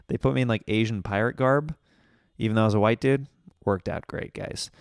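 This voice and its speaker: A young man hosting his own podcast, chatting casually and excitably on his own and laughing often. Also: fairly low pitch, normal speed, clean tone, no echo, clean studio sound. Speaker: podcast host. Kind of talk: casual solo podcast chat.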